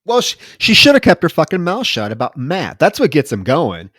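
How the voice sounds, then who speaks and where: A man's voice: a little high, huge pitch swings, moderate pace, a bit bright, breathy edge, no echo, clean studio sound. A man co-hosting a podcast, casually and animatedly retelling a horror film scene by scene with plenty of swearing. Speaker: podcast co-host. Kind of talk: casual film review chat.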